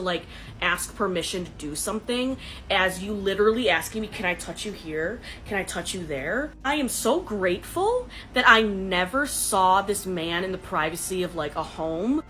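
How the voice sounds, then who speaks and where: A woman's voice: mid-range voice, animated, normal speed, a bit bright, slight background noise, rough recording. A young woman telling a dating story to her phone camera in a casual, dramatic, sarcastic way. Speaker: dating content creator.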